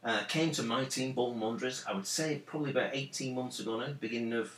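A man's voice: medium pitch, fast, a bit bright, distant mic. A man co-hosting a casual podcast, earnest and rambling. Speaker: podcast co-host. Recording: roomy, away from the mic.

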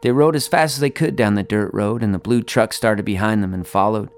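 A man reading his own short story aloud in a quiet, plain, unhurried manner, spoken-word style. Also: fairly low pitch, soft background music.

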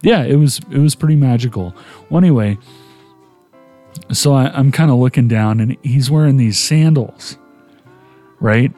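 A man's voice: mid-range voice, normal speed, long pauses, warm tone, faint music behind. A man hosting a podcast, telling a long, rambling story in casual chat. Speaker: podcast host.

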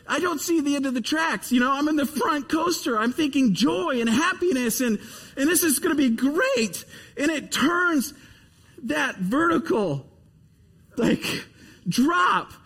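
A man preaching a sermon, telling a story with animated, emphatic repetition before leading a prayer. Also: very high-pitched, big-room sound. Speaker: pastor.

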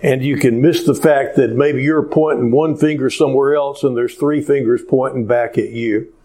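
A pastor preaching a sermon, telling a story in an animated way with frequent hesitations. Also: male voice, mid-range voice, normal speed, low-quality recording.

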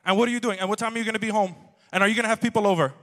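A woman's voice: mid-range voice, fairly even intonation, fairly bright tone, pitched above the performer's own voice, lightly acted. A man mimicking his mother as she fires off nagging questions on the phone, in a church hall. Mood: interrogating. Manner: rapid-fire nagging questions. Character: shrill interrogating mother on the phone.

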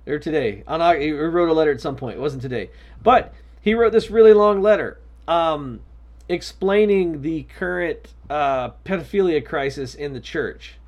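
A man co-hosting a casual podcast chat, rambling and exasperated, sometimes bursting into shouts. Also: fairly high pitch, normal speed. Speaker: podcast co-host.

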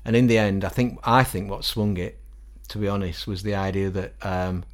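A middle-aged man with a Northern English accent, a musician guest telling animated stories in a casual interview. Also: low-pitched, moderate pace. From England. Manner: animated, quotes others in acted-out voices, laughs often.

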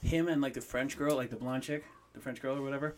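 A man's voice: medium pitch, quick pace, a little hiss or hum. A man in a casual movie chat, rambling and filling his sentences with "like". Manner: rambling, heavy use of "like".

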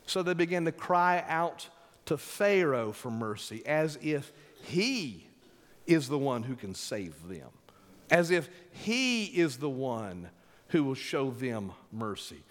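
A male pastor preaching a sermon with emphatic, drawn-out delivery, calling for responses from the congregation. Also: medium pitch, sing-song. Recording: long hall reverb.

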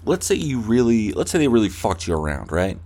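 A man's voice: lowish voice, sing-song, a little fast, mellow. A man hosting a podcast, ranting with heavy swearing and slipping into mocking voices of corporate staff. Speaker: podcast host. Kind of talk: profane comedic rant.

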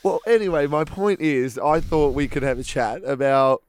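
A young man with a fairly high, smooth voice, wandering through his points in a loose comedy chat. The sound is close and dry, and he chuckles often as he talks. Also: moderate pace, no room sound. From Australia. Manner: rambling, laughs at his own jokes. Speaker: podcast co-host.

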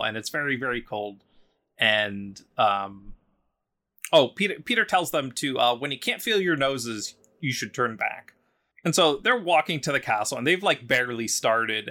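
A man talking casually on a podcast, retelling a story with frequent ums and likes. His voice has a bright, clear tone. He meanders and lightly acts out the characters' lines as he goes. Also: medium pitch. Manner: chatty, full of ums and likes, voices quotes loosely.

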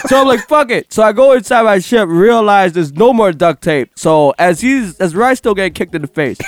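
A man's voice: high-pitched, very animated, normal speed, no echo, clean studio sound. A man casually telling a rambling, profane story to a friend and laughing through much of it. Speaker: storyteller recounting a game session. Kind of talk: casual chat.

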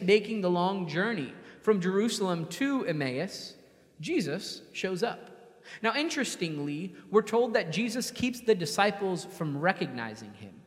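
High-voiced man preaching in a reverberant hall. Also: a bit bright. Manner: conversational preaching, acts out quoted voices. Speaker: pastor. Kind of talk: sermon.

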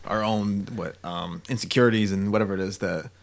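Lower-pitched male podcast co-host, agreeable and thoughtful, halting. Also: steady tone, creaky. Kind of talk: casual podcast conversation.

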